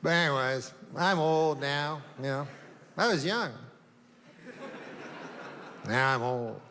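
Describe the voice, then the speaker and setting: A man doing a stand-up routine, deadpan and rambling, with long meandering setups and offhand asides. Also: fairly high pitch, takes it slowly, a little hiss or hum. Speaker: stand-up comedian. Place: comedy stage before a live audience. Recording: live room reverb, faint ambience.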